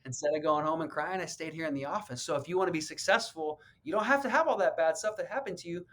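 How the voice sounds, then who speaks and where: A man's voice: on the high side, fast talker, a bit bright. A man, a real estate agent, telling his personal story in an interview in an earnest, heartfelt way, repeating words when he gets emotional.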